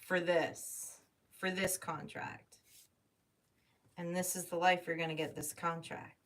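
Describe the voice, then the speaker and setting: A woman reads tarot live, her low voice carrying a bright, forceful edge. She thinks aloud, gets emotional and drops the odd swear word. She sits some way from the mic, with a faint hiss behind her. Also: flat delivery, takes it slowly. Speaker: tarot reader. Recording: distant mic with faint noise.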